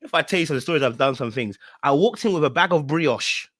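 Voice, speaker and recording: A young man, hosting a podcast and telling a personal story in an animated way, repeating phrases for emphasis. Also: on the high side, fairly quick, no echo, clean studio sound. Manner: animated, repeats phrases for emphasis, acts out his own past words. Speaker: podcast host. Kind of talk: storytelling talk.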